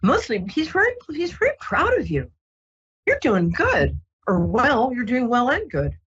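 A woman hosting a psychic radio show, talking gently and reassuringly with many ums and restarts. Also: a little high, wildly swooping pitch, measured pace, breathy edge, muffled recording. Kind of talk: casual radio psychic reading.

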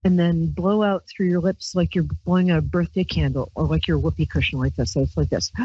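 A woman's voice: on the low side, fairly even intonation, fairly quick, darkish tone, slight background noise. A woman from Brooklyn, hosting a psychic call-in radio show in a rambling, playful way and reading tarot cards on a handheld mic. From Brooklyn, New York. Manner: rambling, chatty, playful with squealed exclamations. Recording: dull lo-fi dry stream audio.

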